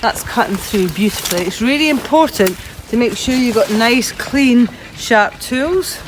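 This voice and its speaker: A woman's voice: on the high side, unhurried. A woman presenting a hands-on gardening demonstration outdoors, chatty and practical, talking through each step as she cuts. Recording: outdoor recording with traffic noise. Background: steady outdoor noise with passing traffic.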